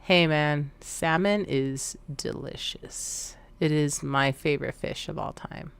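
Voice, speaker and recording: Chatty woman streamer, lowish voice. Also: takes it slowly, creaky, smooth. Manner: chatty, joking with chat, rambling. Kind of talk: casual live-stream chat.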